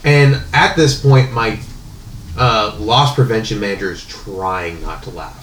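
A man's voice: fairly low pitch, unhurried, a bit bright, reverberant, slight background noise. A man casually telling a long story about his old job, rambling with many fillers and restarts. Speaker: podcast guest telling a work story.

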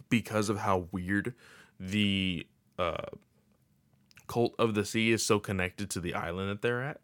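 A man's voice: fairly low pitch, a little slow, bright, forceful tone, smooth, no echo. A man casually recapping a game's story in a rambling way, with lots of filler words. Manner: rambling, filler-heavy with many uh and like.

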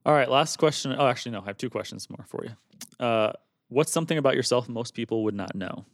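A man's voice: mid-range voice, quick pace, dry recording, clean studio sound. A man hosting a podcast who asks the questions and jokes with his guests. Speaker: podcast host. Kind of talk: casual podcast interview.

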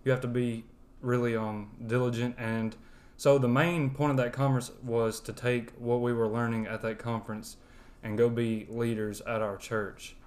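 A man's voice: mid-range voice, little pitch movement, moderate pace, darkish tone. A young man from West Alabama with a thick Southern accent, earnestly sharing his personal testimony as a podcast guest. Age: young adult. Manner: earnest, rambling with fillers.

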